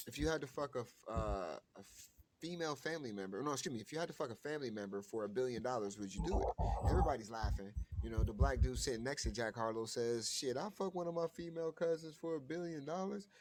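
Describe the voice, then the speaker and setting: A man's voice: medium pitch, slight background noise. A man co-hosting a podcast in casual chat, telling a story loosely and laughing along with his partner. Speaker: podcast co-host.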